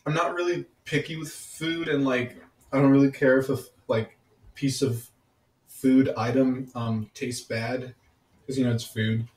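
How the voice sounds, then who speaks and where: A man's voice: mid-range voice, fairly even intonation, a little mellow. Rambling man in an echoey room. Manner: halting, filler-heavy rambling. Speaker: podcast co-host. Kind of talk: casual chat.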